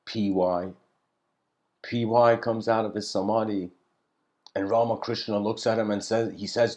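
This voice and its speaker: A man giving a reflective spiritual lecture, telling stories slowly with pauses and letting his voice trail off quietly. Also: fairly low pitch, little pitch movement, dull audio. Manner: unhurried storytelling with pauses.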